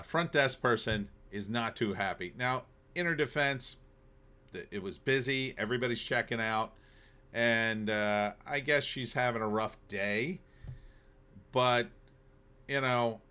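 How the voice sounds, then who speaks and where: Exasperated man with a bright voice. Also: medium pitch. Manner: exasperated, sarcastic, acts out both sides of the dialogue. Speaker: vlogger telling a story. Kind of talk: casual storytelling rant.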